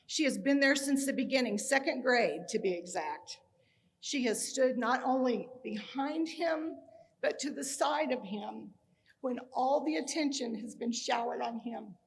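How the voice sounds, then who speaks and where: A woman's voice: fairly high pitch, slight background noise. A middle-aged woman from Kansas giving a personal tribute speech, full of humorous stories with acted-out dialogue. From Kansas, USA. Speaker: speaker at a tribute ceremony.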